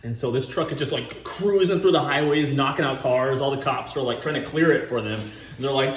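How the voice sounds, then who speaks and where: A man rambling casually with lots of swearing about movie ideas, talking in an animated, chuckling way. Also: mid-range voice, normal speed, roomy sound. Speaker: movie vlogger.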